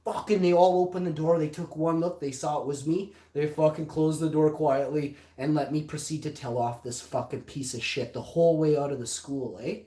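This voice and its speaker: A man telling a story on a livestream podcast, swearing constantly and getting loud and heated. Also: on the high side, roomy sound. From Canada. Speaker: podcast host.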